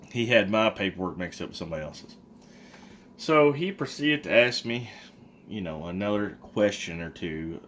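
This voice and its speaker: Low-voiced man telling a story casually. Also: slight background noise. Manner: animated, acts out quotes of others. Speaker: vlogger.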